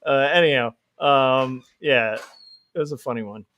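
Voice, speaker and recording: A man's voice: medium pitch, normal speed, fairly bright tone. A young man chatting casually and rambling with lots of fillers while he draws on a livestream. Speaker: livestreaming comic artist.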